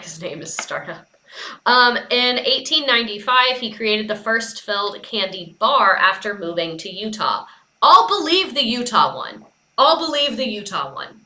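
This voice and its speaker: Young female host, bright edgy voice, profane and sarcastic, echoey room. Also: mid-range voice. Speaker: commentary host. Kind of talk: casual commentary.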